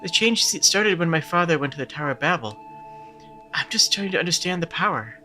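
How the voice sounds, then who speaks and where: A man's voice: a little high, animated, fairly quick, bright, forceful tone, faint music behind. A man voicing a young male hero, reading game dialogue in a plain, matter-of-fact way close to his own voice. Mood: earnest.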